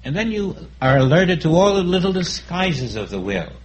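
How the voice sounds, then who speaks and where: Man, sermon, calm and reflective, acts out inner dialogues, a touch high-pitched. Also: moderate pace, poor audio. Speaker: spiritual teacher.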